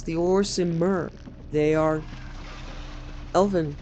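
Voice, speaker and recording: A man's voice: fairly high pitch, measured pace, a little hiss or hum. A man giving casual, wry commentary while playing a video game and poking fun at its voice acting. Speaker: game streamer.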